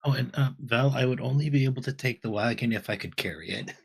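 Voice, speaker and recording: A man's voice: mid-range voice, quick pace, vocal fry, breathy edge. A man playing a tabletop game in character, thinking aloud with hesitant restarts.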